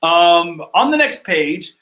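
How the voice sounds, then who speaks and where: A man reading through a manga chapter in casual, rambling commentary, excitable and profane, laughing and trailing off as he goes. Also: high-pitched, slow pace. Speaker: manga chapter reader and reactor.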